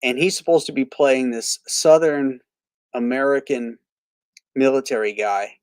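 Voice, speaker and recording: A man's voice: medium pitch, steady tone, a little slow, smooth, no room sound. A man from Florida hosting a casual live stream, rambling with many fillers and restarts, blunt about what he dislikes. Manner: blunt and opinionated. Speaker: host of a live movie stream; reads viewer comments aloud.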